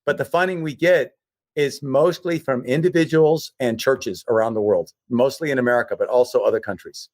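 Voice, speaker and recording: A man's voice: mid-range voice, fairly quick, no echo. Earnest man with a dry close sound. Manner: earnest, repetitive emphatic phrasing. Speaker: guest, humanitarian relief leader. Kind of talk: emotional personal storytelling.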